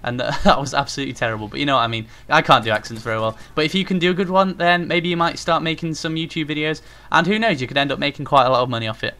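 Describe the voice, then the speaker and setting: A man's voice: fairly high pitch, very fast, hardly any pauses, pushed and bright. A young man giving casual, rambling tips on gaming commentary, with frequent fillers, as a YouTuber talking to his viewers. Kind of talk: casual spoken tutorial.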